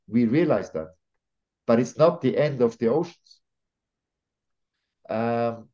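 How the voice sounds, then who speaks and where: A man talks as a podcast guest, emphatic and opinionated, with a warm, mellow tone at an average pitch. He often stops on fillers and restarts his sentences. The audio is a little dull and lo-fi. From Switzerland. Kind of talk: conversational interview.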